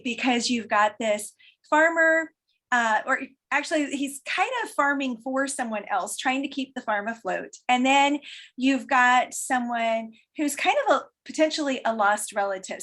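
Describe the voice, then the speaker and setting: A woman's voice: fairly high pitch, a bit bright. A woman hosting a casual interview about books, chatty and enthusiastic. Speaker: host.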